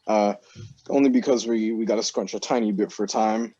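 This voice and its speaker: A man co-hosting a casual podcast with a lowish voice. He trips over repeated words as he gets going and swears freely. The sound is dull and lo-fi, dry and without room echo. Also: fairly even intonation, moderate pace, mellow, breathy edge. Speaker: podcast co-host.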